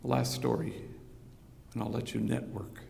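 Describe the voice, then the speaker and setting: A priest giving a conversational keynote speech, telling stories in an anecdotal manner with a bit of slang. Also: male voice, medium pitch, level tone, measured pace, creaky, a little mellow, slight background noise. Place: conference hall. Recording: reverberant hall recording.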